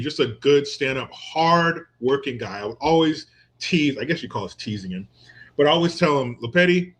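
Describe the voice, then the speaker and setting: A man riffing in casual commentary, crude and joking, often breaking into laughter. His voice sits at an ordinary middle pitch, and he keeps drifting off into long, meandering stories. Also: a bit bright. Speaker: commentator reacting to a viral clip.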